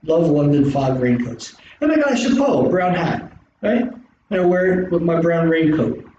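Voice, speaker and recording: A middle-aged man with a South Philly accent, an instructor giving an animated classroom lecture full of rhetorical questions. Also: on the high side, normal speed. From South Philadelphia, US. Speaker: college instructor. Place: large classroom. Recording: distant echoey classroom recording, dull and hissy.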